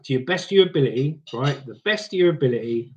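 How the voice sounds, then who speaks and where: Quick-paced and expressive, this man's medium-pitched, slightly mellow voice is heard through dull audio. Hosting a live stream, he reads the chat and spins casual scrapping stories, now and then in a mock accent.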